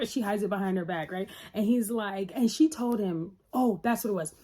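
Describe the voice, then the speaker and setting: A woman's voice: mid-range voice, moderate pace, hardly any pauses, warm tone. A woman casually recapping a TV episode in a loose, chatty retelling. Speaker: TV reviewer.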